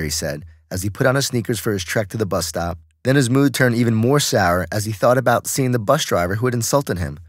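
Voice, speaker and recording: A man narrating an audiobook in a steady, measured reading. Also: on the low side, dry recording, clean studio sound.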